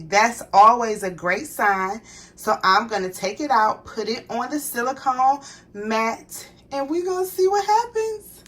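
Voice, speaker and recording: A woman hosting a crafting vlog, chatting to her viewers as she demonstrates a product, excitable and gushing. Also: fairly high pitch. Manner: chatty, addresses viewers as y'all. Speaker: crafting channel host. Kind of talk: casual product demo vlog.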